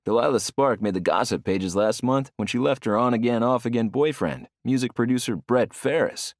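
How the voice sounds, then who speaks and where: A man voicing a male sports commentator with loud broadcast delivery, in an audiobook. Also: medium pitch, moderate pace, no room sound, studio quality, pitched above the performer's own voice, close to an everyday voice. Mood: gossipy.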